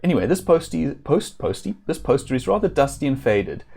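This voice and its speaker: A man streaming a retro game, reading its text aloud with relaxed, wry asides and frequent self-corrections. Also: mid-range voice, fairly quick, gravelly, slightly rough.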